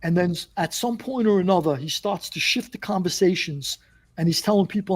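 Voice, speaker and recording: A man's voice: high voice, brisk. A man with a New York accent, a former mobster guest telling stories in a casual interview and acting out the dialogue he quotes.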